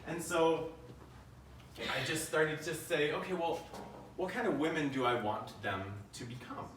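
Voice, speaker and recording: A man's voice: a little high, expressive, a little slow. An American man in his thirties giving a humorous live keynote talk, telling stories with jokes and playful asides. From United States. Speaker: keynote speaker. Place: conference room. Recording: roomy and distant with faint noise.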